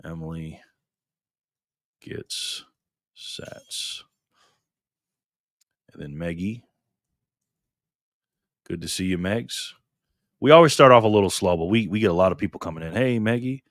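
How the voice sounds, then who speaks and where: A deep-voiced livestream host keeps things upbeat, reading comments and greeting viewers by name in casual chat. He speaks at a measured pace with lively intonation and frequent pauses, in a dry, clean studio recording.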